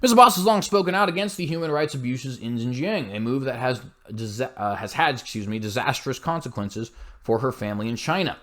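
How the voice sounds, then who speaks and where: A man's voice: mid-range voice, animated, brisk, a bit bright. A man hosting a commentary show, reading news aloud with blunt, scornful asides and frequent slips and self-corrections.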